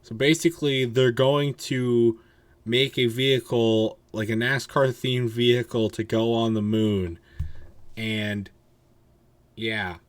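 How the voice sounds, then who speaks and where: A man's voice: medium pitch, steady tone, takes it slowly. A man hosting a casual podcast, sounding tired and rambling, swearing freely and restarting his sentences. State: tired, yawning. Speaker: podcast host.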